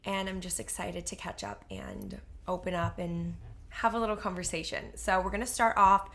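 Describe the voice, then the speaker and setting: A woman's voice: on the low side, moderate pace, creaky. A young woman co-hosting a podcast, telling stories in casual chat with lots of "like" fillers. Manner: animated storyteller, heavy use of "like". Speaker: podcast co-host.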